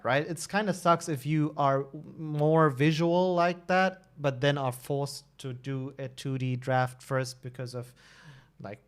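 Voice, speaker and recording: A man's voice: medium pitch, clear, resonant tone. A man in his thirties chatting casually on a live stream, talkative and often restarting and correcting himself. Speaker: streamer and level designer.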